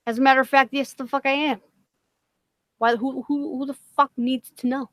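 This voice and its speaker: A woman's voice: high-pitched, level tone, moderate pace, fairly bright tone, dry recording. A woman with a Boston accent hosting a casual livestream, swearing constantly and rambling with self-deprecating jokes. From Massachusetts. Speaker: livestream host.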